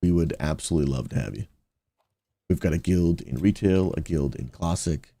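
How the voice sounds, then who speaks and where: A pastor who streams games talks to his chat in a low, warm voice. He sounds upbeat and casual and drifts easily into preaching. The sound is dry and close. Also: normal speed, creaky, no room sound. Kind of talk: casual livestream chat while gaming.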